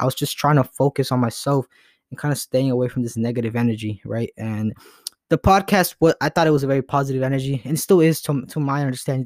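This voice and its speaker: A man's voice: mid-range voice, no room sound. Earnest young man rambling, dry close sound. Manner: rambling and earnest, with many restarts and fillers. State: emotional, voice breaking at times. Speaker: podcast host. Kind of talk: casual solo podcast monologue.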